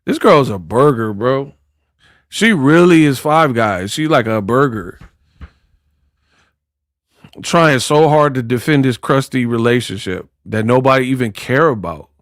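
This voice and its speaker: A man's voice: mid-range voice, lively intonation, unhurried, long pauses, dry recording, clean studio sound. A man in casual commentary who talks in a mocking, slangy way and acts out quotes. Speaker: boxing commentator.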